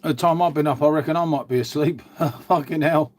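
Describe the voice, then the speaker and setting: A British livestream host with a slightly high voice speaks briskly. He chats casually and swears freely while greeting and answering his viewers.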